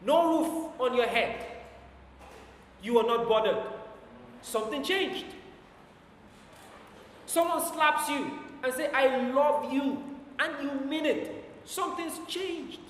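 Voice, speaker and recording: A man's voice: very high-pitched, lively intonation, fairly bright tone, a little hiss or hum. Man preaching in an echoey hall. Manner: emphatic, slows down for scripture quotes, volume rises and falls. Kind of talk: sermon. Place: church hall with long reverb. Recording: echoey church hall from far off.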